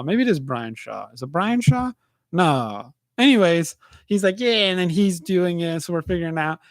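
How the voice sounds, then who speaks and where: A man's voice: a little high, dry recording. Chatty man rambling with a dry sound. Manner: animated storytelling, says dude and man a lot. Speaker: podcast host. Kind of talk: casual rambling monologue.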